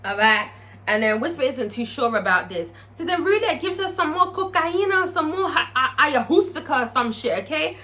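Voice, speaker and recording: A woman's voice: high-pitched, animated, normal speed, sharp tone. A young woman recapping a TV episode in a blunt, profane, sassy storytelling manner. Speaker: TV episode reviewer.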